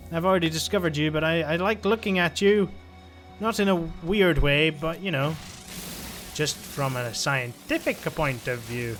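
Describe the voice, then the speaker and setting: A man commentating his own gameplay in an excitable, gushing way, laughing often. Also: a little high, normal speed. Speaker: gaming channel host. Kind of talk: let's play commentary. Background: faint game music.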